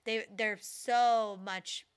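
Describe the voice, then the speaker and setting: A woman co-hosting a podcast in casual chat, animated and sarcastic, with many fillers. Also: on the high side, drawn-out words, clean tone, no echo, studio quality. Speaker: podcast co-host.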